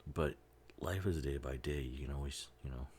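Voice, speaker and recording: A man's voice: rumbling low, moderate pace, darkish tone, slight background noise. A man giving a casual, rambling commentary over a film, laughing often and swearing freely. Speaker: movie commentary host.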